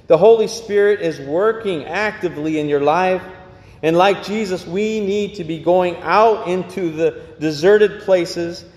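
A man's voice: sits high, unhurried, darkish tone. A man preaching a sermon as pastor, earnest and given to repeating phrases. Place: church. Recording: echoey church hall.

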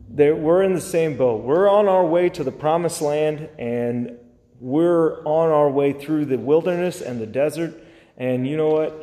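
A man's voice: on the high side, dark tone, in a large hall. A man preaching a sermon as a pastor, pleading and impassioned, repeating his phrases.

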